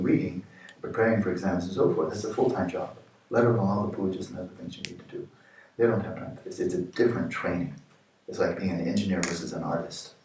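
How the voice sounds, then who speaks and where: A man's voice: far from the mic, a little hiss or hum. Older man teaching in an echoey hall. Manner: animated, playful examples, rising pitch for jokes. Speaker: meditation teacher. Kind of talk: retreat dharma talk. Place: retreat meditation hall.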